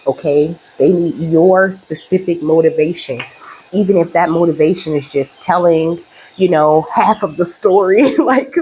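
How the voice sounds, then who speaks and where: A woman who hosts her own channel gives viewers a casual spiritual reading straight to camera, chatty, emphatic and openly heartfelt. Her voice sits low with a darkish tone, and the rough recording carries a little hiss or hum.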